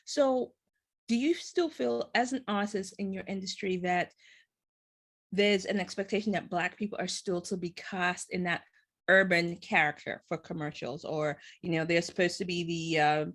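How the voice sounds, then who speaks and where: A woman's voice: on the low side, fairly even intonation, moderate pace, fairly bright tone. A woman hosting an interview show, asking long, reflective, open questions. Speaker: podcast host.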